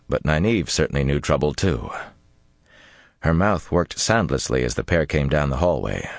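Deep-voiced guy reading a fantasy audiobook, lively delivery, dry sound. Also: creaky, no echo. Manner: expressive, dramatic storytelling. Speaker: audiobook narrator. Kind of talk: scripted fantasy narration.

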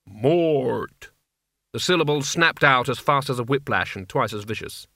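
A man narrating a fantasy novel aloud in a measured, even storytelling manner. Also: medium pitch, dry recording, studio quality. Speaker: audiobook narrator. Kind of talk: scripted narration.

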